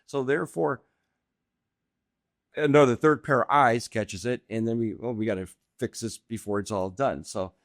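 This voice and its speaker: A middle-aged man spins animated anecdotes as a podcast guest and breaks into laughter along the way. His voice sits in a typical middle register. It is recorded dry, with no room sound. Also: mid-range voice, normal speed, no room sound. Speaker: guest real estate agent. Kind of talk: casual podcast storytelling.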